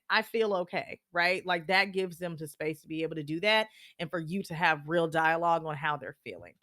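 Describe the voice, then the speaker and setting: A woman hosts a podcast in a candid, animated way, often acting out little conversations as she talks. Her voice sits a bit low for a woman. The recording is dry and close, with no room sound. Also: no echo. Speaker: podcast host. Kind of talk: casual advice talk.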